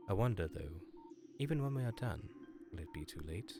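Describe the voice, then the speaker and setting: Man voicing solemn ancient alien chronicler, low grave voice, slight English lilt, game lore reading. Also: expressive, fairly quick, music in the background.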